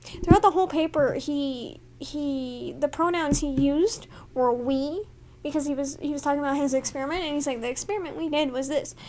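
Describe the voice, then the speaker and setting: A woman's voice: sits high, fairly quick, a little mellow, a little hiss or hum. A young woman co-hosting a casual podcast, rambling through playful stories with some swearing. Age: young adult. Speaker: podcast co-host. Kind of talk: casual chat.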